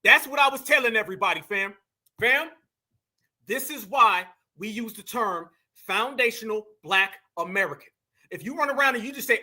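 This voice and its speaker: A man's voice: high-pitched, moderate pace, bright, forceful tone. A man hosting heated reaction commentary, mocking and emphatic, talking straight to his viewers. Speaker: commentary host.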